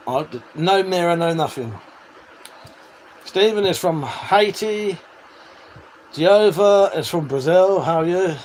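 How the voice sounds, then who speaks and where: Chatty British man, slightly high voice. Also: animated, slow pace, long pauses, darkish tone. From United Kingdom. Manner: chatty, swears freely, laughs often. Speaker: livestream host. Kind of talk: casual livestream chat reading viewer comments. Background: faint fan hum.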